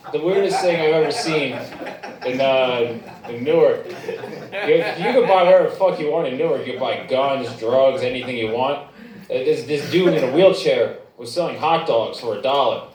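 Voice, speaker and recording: A man's voice: on the high side, normal speed, a crowd in the background. A man doing stand-up at a bar open mic, telling a crude, rambling story with plenty of restarts. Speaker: stand-up comic. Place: bar stage, echoey room. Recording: echoey bar room, distant mic.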